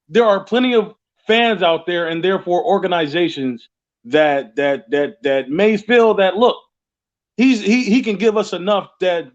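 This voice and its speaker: Male caller, high voice, rambling and repetitive, muffled lo-fi line. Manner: rambling, repeats words and restarts often. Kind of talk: casual call-in chat.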